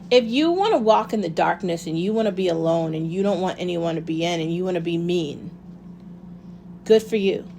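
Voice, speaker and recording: A woman's voice: lowish voice, expressive, normal speed, gravelly, warm tone, a little hiss or hum. Impassioned woman ranting casually. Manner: impassioned, swears freely, rhetorical questions. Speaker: vlogger. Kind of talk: casual monologue.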